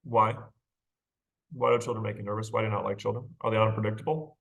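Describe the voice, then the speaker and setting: A man's voice: on the low side, steady tone, fast, creaky, fairly bright tone. A male literature teacher giving a casual recorded lecture, checking in with rhetorical questions and light laughs. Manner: conversational, checks in with "right?" and "okay?". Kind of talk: recorded lecture on a short story.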